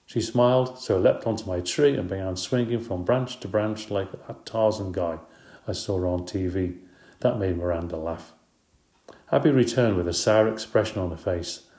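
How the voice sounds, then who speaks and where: A man's voice: low voice, normal speed, dark tone, echoey room. A man narrating a children's story in the first person, in a light, chatty, playful way. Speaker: audiobook narrator.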